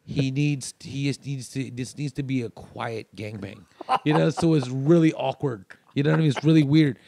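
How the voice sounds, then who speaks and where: Gravelly-voiced man telling a rambling story. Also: medium pitch, fairly even intonation, moderate pace, dark tone, a little hiss or hum. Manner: rambling, many restarts. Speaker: podcast guest, comedian. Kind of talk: casual storytelling.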